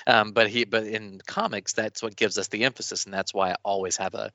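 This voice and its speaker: A man co-hosting a podcast in casual chat, rambling and animated with many restarts. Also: on the low side, fairly quick, vocal fry, no room sound. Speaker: podcast co-host.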